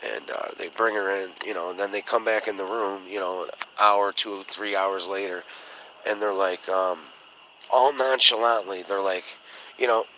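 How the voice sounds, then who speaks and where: A man's voice: low voice, fairly even intonation, normal speed, pushed and bright, a little hiss or hum, poor audio. A man hosting a casual livestream chat, telling stories in a blunt, profane way and acting out the voices of people he quotes. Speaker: podcast host.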